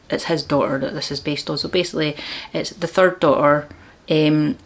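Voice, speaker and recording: A woman vlogging about books, chatty and enthusiastic, with frequent laughs. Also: sits low. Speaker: book vlogger. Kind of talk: casual book chat.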